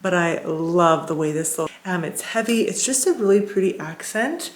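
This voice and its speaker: A woman's voice: lowish voice, expressive, moderate pace. Gushing woman vlogger showing home decor. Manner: gushing, enthusiastic, lots of "beautiful" and fillers. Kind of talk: casual sponsored home decor vlog. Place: at home, porch and indoors.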